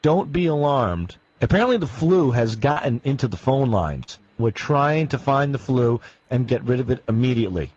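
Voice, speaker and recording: A man posing as a phone technician, calm and instructing in an official tone, in a radio prank call bit. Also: medium pitch, normal speed, breathy edge. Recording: lo-fi old radio audio.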